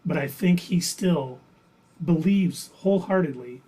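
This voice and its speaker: A man's voice: a little high, measured pace, mellow, husky, poor audio. A man co-hosting a casual fan review chat, wry and joking. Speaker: podcast co-host.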